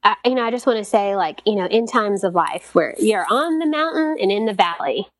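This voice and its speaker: A woman's voice: medium pitch, brisk, no echo. A woman guest on a chat show telling an emotional personal story, acting out quotes with many restarts. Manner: animated, acts out quotes with rambling restarts. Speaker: podcast guest.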